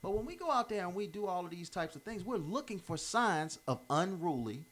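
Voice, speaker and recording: A man's voice: high voice, sing-song, a little fast, a bit bright. Guy riffing on life advice, casual, keeps restarting his sentences, punchy and informal. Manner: emphatic, repeats himself and restarts phrases; informal, drops verbs. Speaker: commentator giving life advice. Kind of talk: unscripted motivational monologue.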